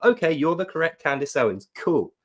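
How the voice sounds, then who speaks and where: A man doing a pompous French government official in a thick mock French accent, overly polite and mock-formal. The voice is a little high and swoops up and down, with a put-on, cartoonish charm. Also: big pitch swings, fairly quick, fairly bright tone. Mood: breezy.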